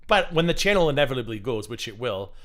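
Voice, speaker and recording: A man's voice: mid-range voice, sing-song, fast, fairly bright tone. A man hosting a livestream, giving casual drama commentary full of sarcastic, mocking asides. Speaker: livestream host.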